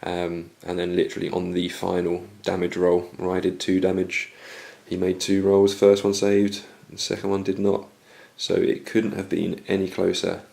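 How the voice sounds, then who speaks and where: A man recapping his turn in a tabletop wargame battle report, going hoarse as he loses his voice. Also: low voice, moderate pace, hardly any pauses. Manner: steady recap of dice results. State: losing his voice. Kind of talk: casual battle report commentary.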